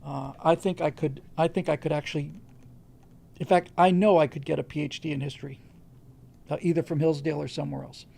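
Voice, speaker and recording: A man's voice: a little high, steady tone, fairly quick, creaky, mellow. A man hosting a livestream, answering viewer questions in casual, rambling talk with frequent restarts. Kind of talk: casual unscripted commentary.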